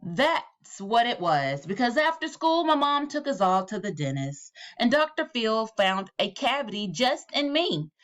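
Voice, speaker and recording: A woman reading a children's picture book aloud as a teacher, with animated storytelling that drops low on the repeated refrains. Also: a little slow, hardly any pauses.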